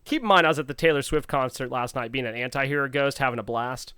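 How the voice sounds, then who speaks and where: A man co-hosts a podcast and spins a playful, animated story. His voice is smooth and clean. The sound is dry, with no room around it. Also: mid-range voice, no room sound. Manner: animated, playful, quotes others in quick bursts. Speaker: podcast co-host. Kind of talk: casual storytelling chat.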